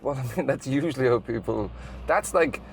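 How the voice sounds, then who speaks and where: A man's voice: medium pitch, animated, fairly quick, creaky. A man with an Irish accent, a comedian, chatting in a car with a dry, rambling, self-deprecating manner. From Ireland. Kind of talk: casual chat in a car. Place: inside a car. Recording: noisy car interior.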